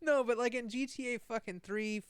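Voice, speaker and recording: A man in casual, animated chat about video games, swearing and laughing often. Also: very high-pitched, a little fast, clean tone, dry recording, studio quality.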